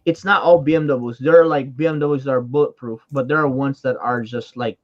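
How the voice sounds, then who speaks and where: A man chatting casually on a livestream, animated and filling his talk with "like" and "dude". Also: medium pitch, dull audio. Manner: animated, fast, lots of "like" and "dude". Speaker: co-host.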